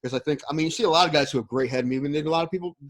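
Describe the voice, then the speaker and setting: A man's voice: on the high side, rapid-fire, fairly bright tone. A man co-hosting a podcast, chatting casually and hedging his opinions as he rambles. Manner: rambling, hedging fan talk. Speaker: podcast co-host. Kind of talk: casual chat.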